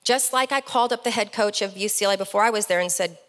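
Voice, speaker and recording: A middle-aged woman giving a motivational keynote speech on stage, telling stories as a lively, animated storyteller with comic asides. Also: medium pitch, fast talker, hardly any pauses, big-room sound. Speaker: keynote speaker. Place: large event hall, on stage.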